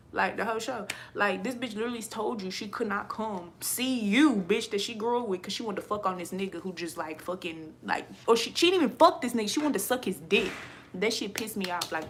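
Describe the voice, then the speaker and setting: A woman ranting to her viewers in a casual vlog, blunt and profane, animated and quick to laugh. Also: mid-range voice, a little hiss or hum. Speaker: vlogger.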